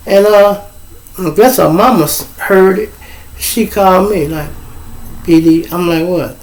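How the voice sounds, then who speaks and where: Unhurried and prone to long pauses, a middle-aged host from Chicago spins family stories in a casual monologue on a rough recording. His voice sits a little high for a man, his delivery is profane and lively, and he acts out the voices of people he quotes.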